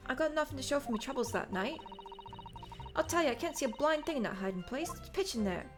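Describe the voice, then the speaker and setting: A woman voicing a cheeky young street urchin girl in a game, telling her story in rough slang. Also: high-pitched, expressive, fast talker, music in the background, pitched above the performer's own voice. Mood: defensive.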